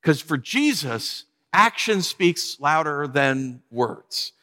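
A man preaching a sermon in a lively, conversational way, acting out the people he talks about. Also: a little high, takes it slowly, in a large hall. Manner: animated, conversational preaching with acted-out quotes. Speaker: pastor.

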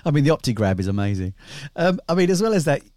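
A man's voice: on the high side, very animated, fast, a little mellow, no room sound. Brief: man in his forties, easygoing podcast host, dry close mic. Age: 40s. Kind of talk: casual podcast chat.

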